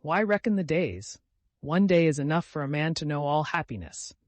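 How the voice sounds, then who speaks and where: A man voicing a gentle, feverish dying young man who talks tenderly and with rapture, in an audiobook. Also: on the high side, lively intonation, normal speed, no room sound, close to an everyday voice. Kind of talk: audiobook character voice.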